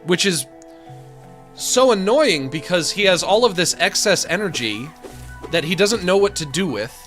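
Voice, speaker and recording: A somewhat high-voiced man in his thirties streaming from home, chatting to his audience in a dry, sardonic way. His rants swing into exasperated outbursts, with faint game music playing behind him. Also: lively intonation, normal speed, fairly bright tone. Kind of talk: casual live-stream chat while gaming.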